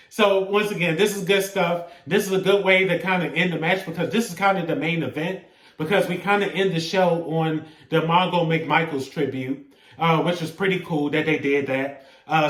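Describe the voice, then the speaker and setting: A man's voice: fairly high pitch, fairly bright tone, recorded from a distance. A man giving a casual review of a wrestling show, rambling with lots of filler "uh"s and laughing often between phrases. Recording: roomy echo, set back from the mic.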